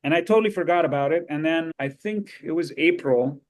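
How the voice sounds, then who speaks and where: A man, a guest actor, telling anecdotes in a casual, lively way on an interview podcast. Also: fairly high pitch, a little fast. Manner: lively, animated storytelling with frequent laughs.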